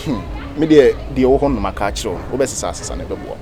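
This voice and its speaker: An actor playing a friend who scolds and lectures insistently, with a Ghanaian accent. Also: male voice, mid-range voice, expressive, rapid-fire, music in the background, close to an everyday voice. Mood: lecturing. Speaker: friend giving advice. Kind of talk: Ghanaian comedy film acting.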